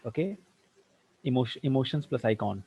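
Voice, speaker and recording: A man teaching an online tutorial, firing quick questions at students and slipping into Hindi. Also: medium pitch, animated, mellow, a little hiss or hum. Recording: dull lo-fi dry sound.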